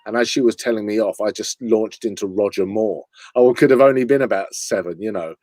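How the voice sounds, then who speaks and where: A man's voice: on the low side, fairly quick, darkish tone, no echo. A man from London, an impressionist chatting casually on a video call, laughing often and sliding into voices. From London, England. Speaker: impressionist and comedian guest. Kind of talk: casual interview chat.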